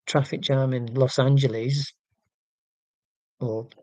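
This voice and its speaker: A man's voice: medium pitch, fairly even intonation, takes it slowly, a little mellow, no room sound. Wry, rambling man in his forties. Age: 40s. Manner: rambling, wry and self-mocking, with many fillers and restarts. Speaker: livestream host reading viewer comments. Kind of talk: casual livestream chat.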